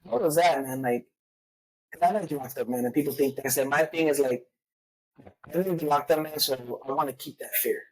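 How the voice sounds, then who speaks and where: Fast, raspy-voiced guy telling his past straight, cursing a lot, loose street talk. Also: fairly high pitch, darkish tone, rough recording. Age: adult father. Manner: rapid, profane, street slang, frequent fillers. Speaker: podcast guest. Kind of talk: candid personal storytelling.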